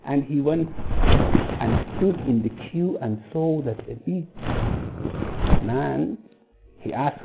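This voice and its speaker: A man giving a religious lecture, telling a story, halting often to restart and rephrase. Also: fairly high pitch, animated, vocal fry. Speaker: religious teacher. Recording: tinny phone-like line with faint noise.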